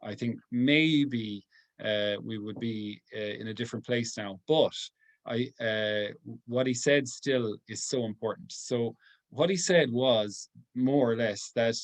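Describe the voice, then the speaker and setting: A man, a priest giving an informal talk to a group. He speaks earnestly and softly, pausing often as he thinks aloud. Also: mid-range voice. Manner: halting, thinking aloud with many pauses.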